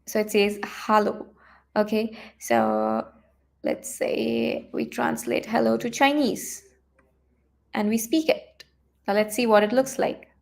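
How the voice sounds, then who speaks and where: Woman, coding teacher, live online lesson, fairly high voice, chatty, lots of fillers and restarts. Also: expressive, takes it slowly, creaky. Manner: chatty, thinks aloud with many fillers and restarts.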